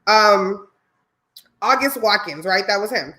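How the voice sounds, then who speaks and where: A woman's voice: medium pitch, animated, takes it slowly, pushed and bright. A woman from Chicago co-hosting a podcast, telling the story in casual chat with frequent laughs and fillers. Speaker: podcast co-host.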